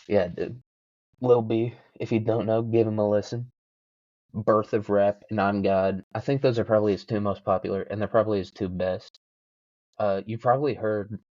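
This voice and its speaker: A man's voice: fairly low pitch, a little mellow, no echo, highs cut off. A young man hosting a solo podcast, rambling casually with lots of swearing and self-mocking jokes. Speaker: podcast host.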